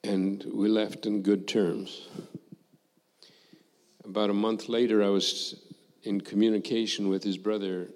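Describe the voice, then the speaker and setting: An older man, a former missionary, telling a personal testimony to a congregation in a slow, reflective way, acting out the dialogue he recalls. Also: on the low side, little pitch movement, darkish tone, in a large hall.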